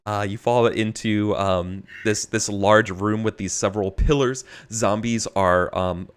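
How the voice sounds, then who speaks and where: A man narrating a tabletop game as game master, halting with many fillers. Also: lowish voice, fairly even intonation, clear, resonant tone.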